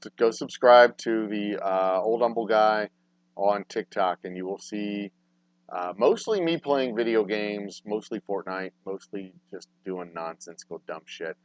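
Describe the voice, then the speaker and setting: A man hosting a casual livestream talk show, swearing freely and swinging between low, mumbled asides and loud, exasperated rants. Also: a little slow, no room sound. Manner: profane, ranting, swings from mumbling to loud outbursts. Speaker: podcast host. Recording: dry, dull lo-fi sound.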